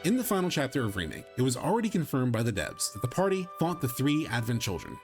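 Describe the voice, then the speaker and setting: A man giving scripted narration for a video essay in an explanatory, measured way. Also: mid-range voice, wildly swooping pitch. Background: music.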